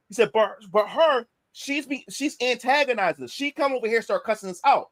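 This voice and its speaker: With a very high voice and a slightly fast pace, a podcast guest tells a casual story on a recording with no echo. It's an animated, swear-filled account of a heated confrontation in which he voices everyone's lines.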